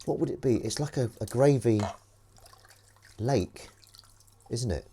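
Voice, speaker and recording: A man's voice: mid-range voice, measured pace, warm tone, a little hiss or hum. A man live-streaming as he washes dishes at his kitchen sink, rambling wryly to his viewers as he goes. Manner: chatty, wry, talks while doing chores. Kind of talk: rambling casual chat to viewers.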